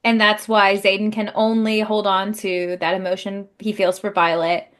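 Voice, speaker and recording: A woman's voice: medium pitch, flat delivery, moderate pace, fairly bright tone. A young adult woman co-hosting a podcast, chatting casually, laughing often and swearing freely. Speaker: podcast co-host. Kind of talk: casual chat.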